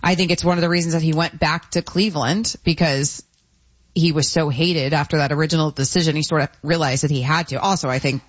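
A woman's voice: deep voice, fairly even intonation, fast talker, husky, no room sound. A woman hosting a sports talk radio show, chatty and opinionated, laughing often, heard on a muffled broadcast.

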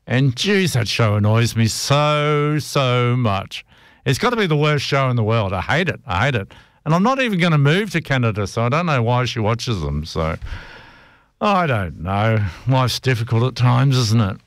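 A man's voice: medium pitch, very animated, moderate pace, dry recording, studio quality. A middle-aged man hosting a music radio show, chatting casually and grumbling jokily between tracks. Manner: chatty, rambling, jokey grumbling.

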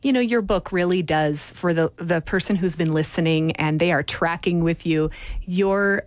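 A woman's voice: lowish voice, normal speed, no echo. A woman hosting a Christian podcast and radio interview, chatting in an encouraging, affirming way. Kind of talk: faith interview chat.

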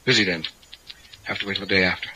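An actor playing an eager older occult enthusiast in a radio drama, talking in an urgent, commanding way. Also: male voice, low voice, steady tone, fast, pushed and bright, slight background noise, low-quality recording. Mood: intent.

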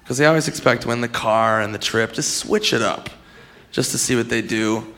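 A man's voice: medium pitch, normal speed. A man doing a stand-up comedy set, profane, acting out characters along the way. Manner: animated, profane, acts out characters.

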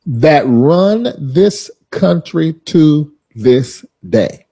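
Man, very slow and measured, dark mellow voice. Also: on the high side, lively intonation, creaky, slightly rough. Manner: very slow, methodical. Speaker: podcaster. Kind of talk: monologue clip.

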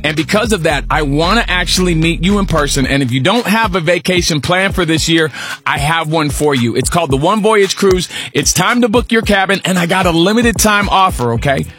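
Male radio host, high-pitched, bright tone, upbeat promo read, studio mic. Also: lively intonation, brisk, breathy edge, faint music behind. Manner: hyped, sing-song number reading.

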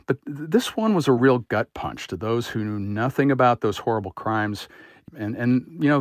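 A man, a political editor, answering interview questions in a measured, slightly halting way. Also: on the low side, no room sound, clean studio sound.

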